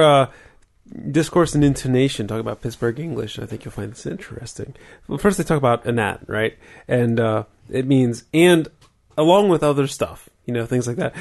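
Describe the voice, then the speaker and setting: Man, gravelly voice, casual chat, reads facts aloud. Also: medium pitch, a little mellow. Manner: reads out facts, laughs easily.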